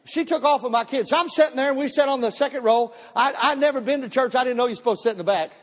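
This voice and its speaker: A pastor with a very high voice tells his testimony from the pulpit, animated and bursting into shouts now and then. His voice rings on in the long reverb of a church hall. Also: rapid-fire. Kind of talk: testimony sermon. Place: church sanctuary, live service.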